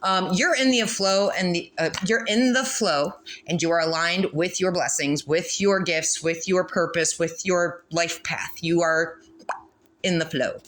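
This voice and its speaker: A woman's voice: fairly low pitch, measured pace, a bit bright. A woman doing a casual spiritual card reading, blunt and profane, laughing often as she talks. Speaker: tarot reader.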